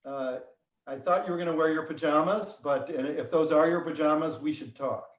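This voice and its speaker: A man hosting a virtual roundtable, his voice a little higher than most men's, halting with many fillers and slipping in dry jokes. He sits back from the mic in an echoey room, and the sound comes through a bit dull. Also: recorded from a distance. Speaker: host. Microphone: video call.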